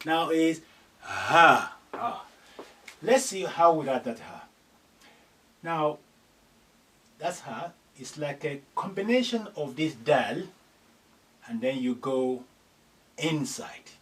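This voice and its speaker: A man teaching letters slowly and patiently, repeating each sound many times. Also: fairly high pitch, sing-song. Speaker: Arabic teacher. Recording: somewhat distant from the mic.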